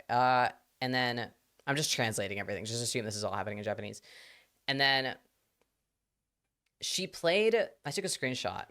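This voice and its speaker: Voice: medium pitch, expressive, moderate pace, fairly bright tone. A live streamer casually telling a rambling anecdote to the audience, full of fillers and quoted voices.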